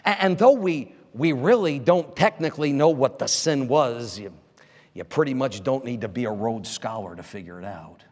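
A male evangelist preaching a sermon, swinging from loud emphasis to hushed lines. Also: medium pitch, animated, normal speed. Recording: echoey church hall.

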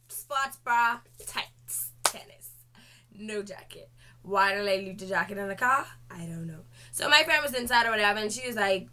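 Bright-voiced young woman telling a story. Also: mid-range voice. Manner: animated, lively retelling with slangy asides. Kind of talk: casual storytime.

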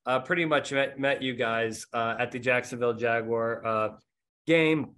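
A man's voice: medium pitch, normal speed, fairly bright tone. Rambling middle-aged male podcast host. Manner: rambling storyteller, self-mocking. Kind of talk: casual chat.

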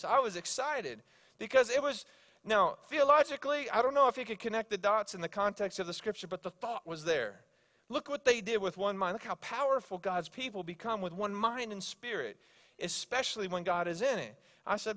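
A male pastor preaching a sermon, telling stories with animated swings between loud exclamations and hushed asides. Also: sits high, fairly quick. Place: church sanctuary.

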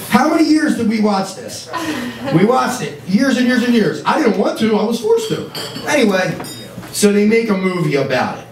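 A man doing a stand-up comedy set in a small club, ranting in an animated, exasperated way to the audience. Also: high voice, normal speed. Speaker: stand-up comic. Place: small club or bar, indoors. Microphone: stage microphone. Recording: roomy bar sound, mic at a distance, crowd laughter.

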